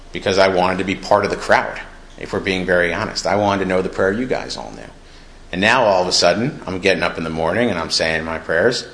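A man's voice: low-pitched, a bit bright. A man speaking casually at a recovery meeting, telling his personal story and acting out quoted dialogue. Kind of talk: personal testimony. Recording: echoey room with faint noise.

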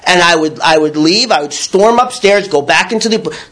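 A man's voice: high voice, moderate pace. A man sharing his recovery story in candid personal testimony, blunt and crude at times, acting out his past thoughts. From New York. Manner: animated, acts out his own past thoughts. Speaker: recovery speaker.

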